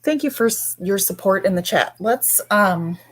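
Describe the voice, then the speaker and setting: Blunt, husky-voiced woman ranting. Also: medium pitch, lively intonation, normal speed. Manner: blunt, profane, sarcastic. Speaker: livestream host. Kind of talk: ranting livestream chat.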